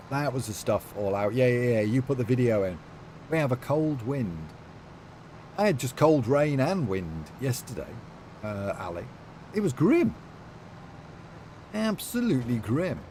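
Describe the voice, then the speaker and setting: A man's voice: mid-range voice, a little mellow. A man with a chatty manner, casually talking to his live-stream chat while playing, with faint noise behind him. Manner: chatty, reads out and answers chat.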